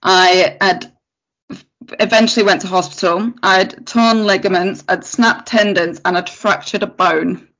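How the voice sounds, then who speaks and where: A woman's voice: mid-range voice, unhurried. A woman, a podcast guest, telling a story in casual chat, acting out what people said and laughing often. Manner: animated, acts out quotes, laughs often. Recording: lo-fi podcast audio.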